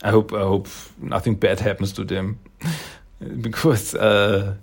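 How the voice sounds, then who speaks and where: Gravelly, husky man reviewing a comic. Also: fairly low pitch, little pitch movement, unhurried. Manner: enthusiastic, hesitant with many fillers. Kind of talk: casual comic read-through.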